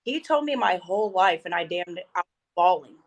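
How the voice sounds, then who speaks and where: Brief: woman, 30s, casual guest, lively storyteller doing voices in her anecdotes. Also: lowish voice, a little fast, a crowd in the background, poor audio. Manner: animated, acts out quoted dialogue. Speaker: podcast guest.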